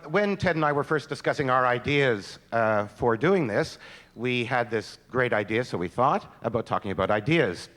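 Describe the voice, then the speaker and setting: A man's voice: mid-range voice, a bit bright. A man performing on stage, bantering with his partner in a playful, hesitant, rambling way. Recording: long hall reverb.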